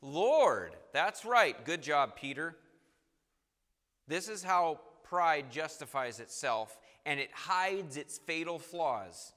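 A man preaching a sermon, emphatic and building to forceful peaks. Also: on the high side, takes it slowly, long reverb tail.

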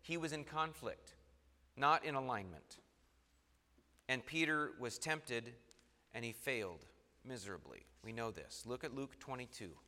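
A man's voice: medium pitch, animated, a little slow, long pauses, pushed and bright. A man preaching a sermon, reading scripture aloud in old formal wording and stressing points with rising and falling emphasis. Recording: long hall reverb.

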